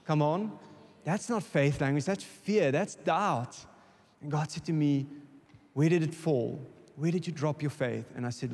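A man's voice: fairly high pitch, unhurried, a little mellow. A South African man preaching a sermon to a congregation, impassioned and calling for responses, often repeating words as he builds. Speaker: guest preacher. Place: church hall. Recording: long reverb of a church hall.

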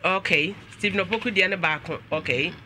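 A Ghanaian man hosts a talk show in a high, piercingly bright voice. He flips between English and Twi and breaks into frequent exclamations. A faint hiss sits behind him. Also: brisk.

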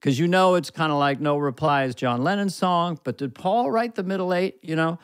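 A man guest on a podcast, an animated storyteller who slips into voices during casual chat. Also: fairly high pitch, brisk, clear, resonant tone, no echo. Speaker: guest comedian.

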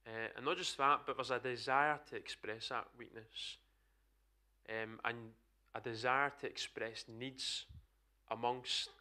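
A man's voice: medium pitch, sharp tone. A man with a Scottish accent preaching an earnest, emphatic sermon to a church congregation. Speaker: pastor.

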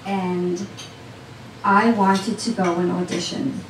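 A woman's voice: lowish voice, little pitch movement, slow, slight background noise. A woman telling a personal story to a live audience in a cafe, talking straight to the crowd in a chatty way. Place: small cafe event. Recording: roomy sound from a distant mic.

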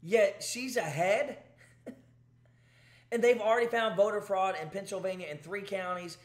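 Male commentary host, emphatic and exasperated, high-pitched, echoey room. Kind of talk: ranting commentary.

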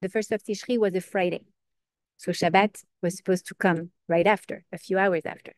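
A woman giving an informal Torah class, earnest and lively, asking questions and answering them herself. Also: on the low side, normal speed, no echo, studio quality. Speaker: Torah teacher.

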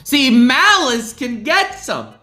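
A man's voice: very high-pitched, big pitch swings, slow pace, bright, forceful tone, echoey room. A young man as a guest on a casual stream, teasing, jokey and blunt. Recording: game music in the background.

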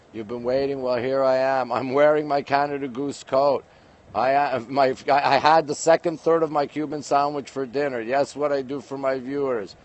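Chatty man streaming from a windy rooftop. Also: mid-range voice. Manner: chatty, greets viewers one by one. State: very cold. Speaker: livestream host. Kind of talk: casual live-stream chat greeting viewers. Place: outdoors on a windy city rooftop at night.

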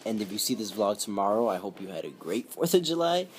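A man's voice: on the low side, sing-song, quick pace, slight background noise. A young man and father talking casually to his camera at home in a loose, chatty way, swearing freely. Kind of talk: casual vlog chat to camera.

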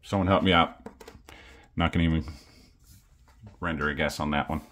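A man's voice: rumbling low, steady tone, normal speed, a bit bright. A man, casually chatting through a coin unboxing vlog in an easygoing, self-deprecating way. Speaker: coin collecting channel host.

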